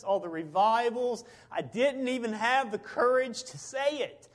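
A middle-aged man, a preacher, telling a personal story in a sermon, swinging between loud bursts and hushed moments. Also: extremely high pitch, moderate pace, few pauses.

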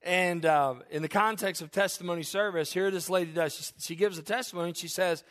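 A middle-aged man preaching a sermon as pastor, animated, often acting out the voices of his listeners and the people in his stories. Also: high voice, a little fast.

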